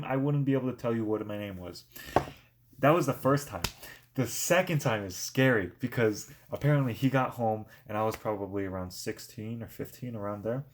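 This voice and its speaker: A man's voice: medium pitch, a little hiss or hum. A young man in casual chat, rambling through a story with many fillers and restarts.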